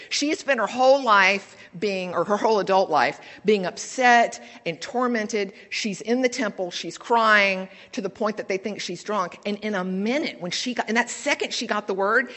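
A woman's voice: medium pitch, fairly bright tone. A woman preaching a sermon in a church, speaking in a conversational, candid way and telling stories. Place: church sanctuary. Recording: long church reverb.

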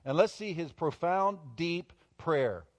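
A male pastor preaching a sermon, moving between quiet, intimate asides and loud, emphatic bursts. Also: on the high side, expressive, slow, no echo.

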